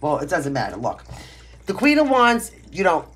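A woman's voice: on the low side, wildly swooping pitch, moderate pace, breathy edge. A woman from Brooklyn with a Brooklyn accent, giving a casual tarot reading from home in a blunt, brash, emphatic way. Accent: Brooklyn New York. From Brooklyn, New York. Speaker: tarot reader. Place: home, pets nearby.

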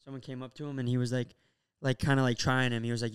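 A man's voice: medium pitch, level tone, rapid-fire, smooth. A young man co-hosting a podcast, telling a rambling story in casual chat and acting out the quotes. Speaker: podcast co-host.

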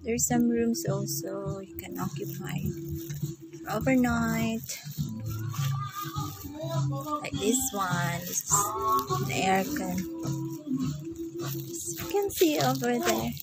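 Slow-talking woman vlogger. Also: a little high, vocal fry, loud music behind the voice. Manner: coos and baby-talks to pets. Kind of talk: casual vlog narration.

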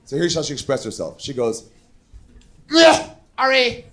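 A man in his thirties doing a profane stand-up comedy set on a club stage, mocking people with quick impressions. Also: mid-range voice, expressive.

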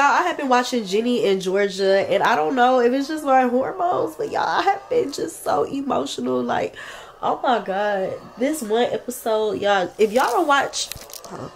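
A woman's voice: fairly high pitch, slight background noise. A young woman, a mother, chatting casually to her viewers in a home vlog while sick and achy, calling them "y'all" at every turn. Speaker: lifestyle vlogger and mother. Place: at home, in a bedroom.

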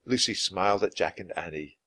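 A man reading a children's book aloud, clear and expressive, at an easy pace for learners. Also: sits low, a little fast, no room sound. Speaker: storybook reader.

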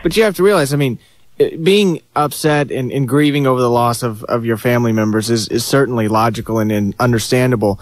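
A man's voice: medium pitch, fast, dry recording. Earnest, insistent male advice guest. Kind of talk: radio advice talk. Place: radio studio.

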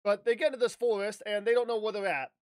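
A man with a high voice tells an animated, rambling story straight into the mic. he keeps restarting his sentences and drops the odd swear. the sound is close and dry, with no room around it. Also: fast talker, no room sound. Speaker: YouTuber. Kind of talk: casual storytelling vlog.

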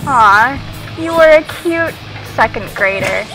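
A woman's voice: a little high, expressive, measured pace, music in the background, low-quality recording. A young adult woman casually commenting as she plays a game, chatty and giggly, reading notes aloud as she finds them. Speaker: let's play host.

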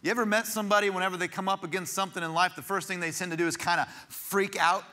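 A man's voice: sits high, fairly even intonation, racing, pushed and bright. A man, a pastor, preaching a sermon in a church, telling stories in a conversational way with frequent restarts. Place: church sanctuary.

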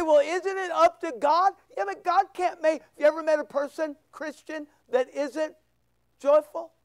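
A man preaching a sermon as pastor, full of rhetorical questions, swinging between loud bursts and hushed asides. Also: very high voice, dry recording. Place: church.

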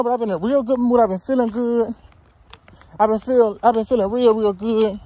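Mellow and husky in the mid-range, the voice belongs to a woman in her twenties vlogging on a roadside near the woods. She walks and chats casually, short of breath, pointing her handheld phone at herself and giving blunt, foul-mouthed advice.

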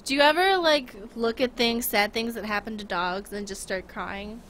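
A woman's voice: a little high, moderate pace, fairly bright tone, a little hiss or hum. A young woman streaming a game, chatting casually and rambling with giggles, talking to her chat and her dog.

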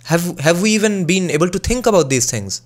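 A man's voice: high-pitched, expressive, a little fast. A young man from Bengal with a Bengali accent, talking in a casual, opinionated commentary style and often asking rhetorical questions. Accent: Bengali-accented English. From Bengal, India. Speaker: music analysis YouTuber.

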